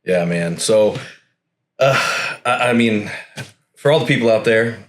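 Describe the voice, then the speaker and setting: Laid-back man hosting a podcast, low voice. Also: a little slow, fairly bright tone. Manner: friendly and laid-back, says "man" a lot. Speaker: podcast host. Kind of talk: casual podcast chat.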